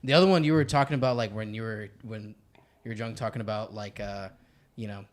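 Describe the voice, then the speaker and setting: A low-voiced man talking fast as he pitches jokes to a friend. His delivery is loose and casual, padded with "you know" and restarts. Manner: loose, full of fillers. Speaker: fellow comedian. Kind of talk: casual joke punch-up.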